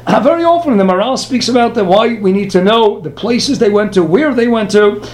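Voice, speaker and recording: A man teaching a Talmud lesson, firing off rhetorical questions and answering them himself. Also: high-pitched. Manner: animated, rhetorical questions, quick asides. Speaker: Torah teacher. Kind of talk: Talmud lecture.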